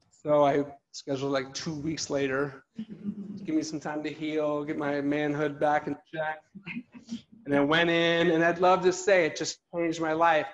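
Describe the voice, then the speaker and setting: Guy telling a jokey story to a crowd, pretty high voice, acts out the quotes. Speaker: motivational speaker. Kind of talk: storytelling speech to an audience. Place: office event space.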